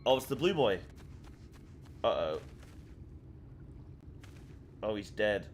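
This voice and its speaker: A man's voice: fairly low pitch, very animated, slight background noise. Rambling man streaming a game. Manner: rambling, halting, lots of fillers. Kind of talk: casual live-stream chat.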